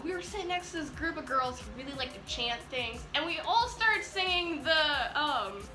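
Bubbly high-voiced girl telling a story. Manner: bubbly, animated retelling with quoted dialogue. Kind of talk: excited storytime vlog. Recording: echoey room with faint music.

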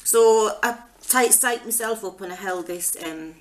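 A woman's voice: medium pitch, a little slow, slight background noise, poor audio. A middle-aged woman telling a story in a casual, rambling way, full of restarts and fillers. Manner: acts out her own past reactions. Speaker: craft channel host.

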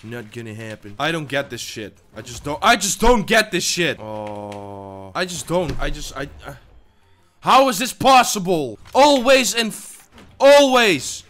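A man commentating his own gameplay for his channel, jumping between loud outbursts and low muttering, often repeating himself. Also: sing-song, measured pace, faint music behind. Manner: swears, stammers and repeats himself. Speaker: gaming YouTuber.

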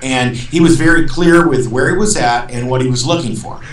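A man guesting on a live talk show as a professional auctioneer, chatting easily with dry humor and breaking into a rapid auction chant. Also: medium pitch. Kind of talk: casual interview chat with auction chant. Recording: roomy sound, distant mic, faint noise.

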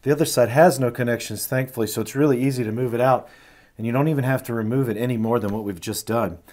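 A man hosting a hands-on repair walkthrough, explaining each step in a relaxed way with frequent fillers and restarts. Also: lowish voice. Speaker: retro electronics repair host.

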